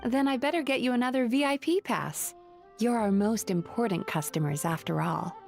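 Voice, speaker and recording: A woman voicing a calm, gracious dream-eating spirit who works as a therapist in a video game. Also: a little high, normal speed, creaky, loud music behind the voice. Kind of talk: game voice acting.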